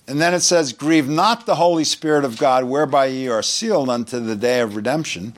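Here a man gives a sermon as a pastor from New York, speaking with that city's accent in a mid-range voice. He keeps it conversational, reading scripture aloud and joking on the side.

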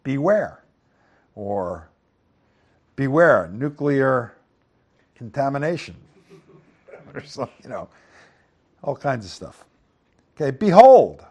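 A man's voice: expressive, slow pace, long pauses, slightly rough. A man teaching through Bible verses, reading scripture aloud and then explaining it in an easygoing, conversational way, often checking in with the listeners. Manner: reads scripture louder, then explains in a low conversational aside; asks the listeners "right?" and "okay?". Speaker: preacher.

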